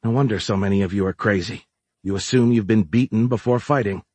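A blunt, scornful woman from the south, as a male narrator reads her, firing back sharp, challenging retorts. The voice sits low and husky. The sound is close and dry. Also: fairly quick, dry recording.

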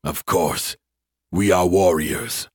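A proud alien admiral, as a male narrator puts him on, growling each word out slowly and heavily. The voice drops well below the narrator's own into a deep register and drags along at a weighty pace. The recording is close and dry. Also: fairly even intonation, darkish tone, breathy edge, no echo, full character voice. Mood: proud, bitter. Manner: slow, heavy, defiant. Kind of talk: audiobook character voice.

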